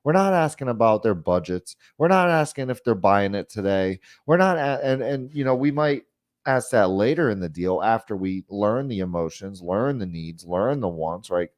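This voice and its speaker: A man's voice: lowish voice, lively intonation, normal speed, no room sound. Casual male sales coach, dry sound. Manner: acts out customer and salesperson lines, lots of "you know". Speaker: sales trainer.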